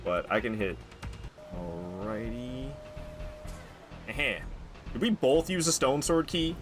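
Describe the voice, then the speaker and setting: A man streaming a game with casual live commentary, getting excitable and jumping up high when surprised. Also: slow, soft background music.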